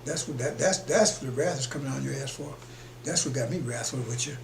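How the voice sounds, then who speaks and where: Gravelly, emphatic man preaching in echoey room. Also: medium pitch, a little fast. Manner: emphatic, rambling, chuckles between points. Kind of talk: preaching broadcast. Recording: echoey room with faint hum.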